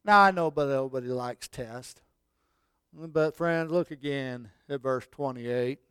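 A man preaching a sermon in a folksy way, swinging from loud calls to hushed lines. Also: mid-range voice, slow, smooth, no room sound. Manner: folksy, swells loud then drops to near whispers. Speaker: pastor.

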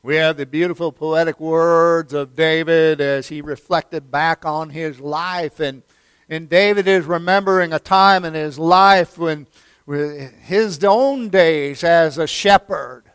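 High-voiced guy preaching slow, repeats lines for emphasis, calls everyone friend, smooth clear tone. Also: steady tone, no room sound. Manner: swings between loud emphatic declarations and hushed near-whispers. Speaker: pastor. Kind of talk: sermon.

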